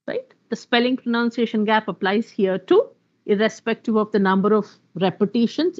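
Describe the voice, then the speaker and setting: A woman's voice: on the high side, expressive, moderate pace, darkish tone, muffled recording. A woman giving an online workshop talk, explaining rules and listing example words. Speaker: workshop speaker on pronunciation.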